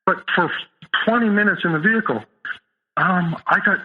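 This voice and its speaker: A middle-aged man telling his own story as an interview guest, halting and full of restarts. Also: sits high. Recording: tinny phone line.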